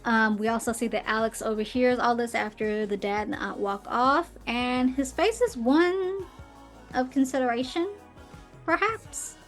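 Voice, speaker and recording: A woman's voice: fairly high pitch, measured pace, faint music behind. A young woman hosting a podcast, casually retelling a film's plot with fillers and little acted quotes. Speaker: podcast host. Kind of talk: casual movie recap.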